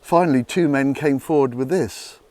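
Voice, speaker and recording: A man's voice: moderate pace, no room sound. Man narrating a Bible story dramatically. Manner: dramatic, hushed low passages.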